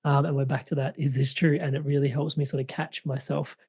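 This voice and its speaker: A man hosts a podcast and talks in a reflective, hesitant way, full of small fillers. His voice is mellow and a bit husky. The recording is dry and close. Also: mid-range voice, level tone, fast talker, no echo. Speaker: podcast host. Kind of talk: interview and audience call-out.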